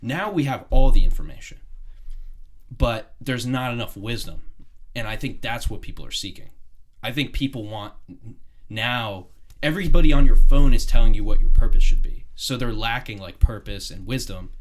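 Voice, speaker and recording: A man's voice: medium pitch, expressive, normal speed, fairly bright tone. A young man hosting a podcast, talking casually and thinking aloud in long, winding sentences. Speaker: podcast host.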